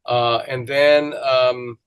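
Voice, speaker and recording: A man hosting a podcast, chatting casually and reminiscing, often pausing on fillers as he searches for words. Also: mid-range voice, little pitch movement, clear, resonant tone. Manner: reminiscing, hesitant with many fillers. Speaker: podcast host. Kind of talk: casual conversational interview.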